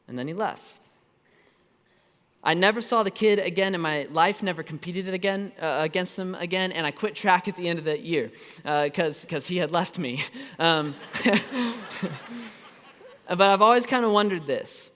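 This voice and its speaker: A man in his thirties, a pastor telling a personal story in a sermon, animated and self-deprecating, with quick asides and restarts. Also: sits high. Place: church auditorium. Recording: long hall reverb.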